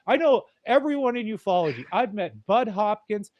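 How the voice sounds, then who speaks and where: A man's voice: high voice, expressive, normal speed, dull audio. A man hosting a podcast, ranting in a blunt, profane, rambling way. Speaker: podcast host. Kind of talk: casual rant.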